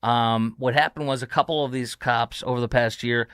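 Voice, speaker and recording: Guy ranting on his podcast, sarcastic and combative, normal pitch, dead dry mic. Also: steady tone, normal speed, fairly bright tone, smooth, no echo. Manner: combative, sarcastic, rambling with restarts. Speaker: podcast host. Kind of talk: opinionated political commentary.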